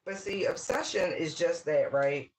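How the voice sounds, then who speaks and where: A tarot reader giving a casual channeled reading, talking straight to the viewer with lively exclamations, repeated words and frequent "right?" checks. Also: medium pitch, measured pace, rough recording. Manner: talks straight to the viewer, often asking "right?".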